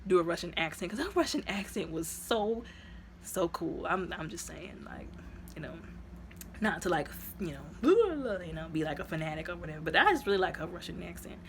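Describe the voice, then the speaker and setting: Low-voiced woman rambling through a movie recap. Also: moderate pace, slight background noise. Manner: chatty, animated retelling full of "like" and "you know"; sudden jumps up into high exclaiming tones. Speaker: movie reviewer.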